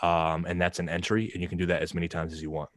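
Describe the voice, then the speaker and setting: A man's voice: low voice, monotone, racing, fairly bright tone, dry recording. A man co-hosting a casual livestream, talking in a laid-back, rambling way and often repeating words. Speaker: livestream co-host and wood craftsman. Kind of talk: casual stoner chat.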